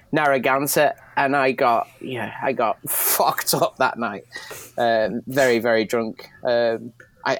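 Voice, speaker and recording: A man guesting on a podcast, chatting casually in a rambling way with frequent tag questions. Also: medium pitch. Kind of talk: casual chat.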